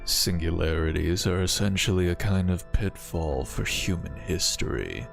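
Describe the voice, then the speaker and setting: A man doing a deep, grim, brooding warrior. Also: vocal fry, soft background music. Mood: grave. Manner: low, heavy and slow, spoken right up on the mic.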